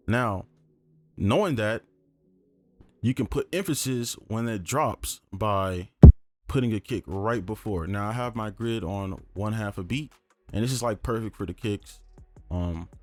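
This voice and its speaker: A young man casually teaching beat production in a tutorial, talking loosely with fillers as he works. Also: lowish voice. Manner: relaxed, conversational, lots of fillers like "um" and "right?". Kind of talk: casual screen-recorded tutorial.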